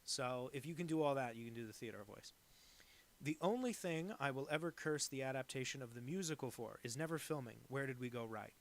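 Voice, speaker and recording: A man's voice: mid-range voice, expressive, brisk. Guy rambling along while he doodles on a live stream, ordinary mid voice, keeps teasing himself. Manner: rambling and digressive, with many fillers; self-deprecating. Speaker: cartoonist drawing viewer requests on a live stream. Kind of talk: casual live-stream chat.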